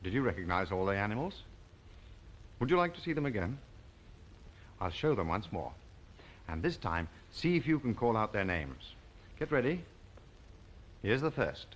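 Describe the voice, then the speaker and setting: A man presenting a children's TV show, talking gently and slowly to young viewers and coaxing them to join in. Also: lowish voice, very animated, a little hiss or hum. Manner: slow, coaxing, sing-song, invites the viewer to join in. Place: television studio.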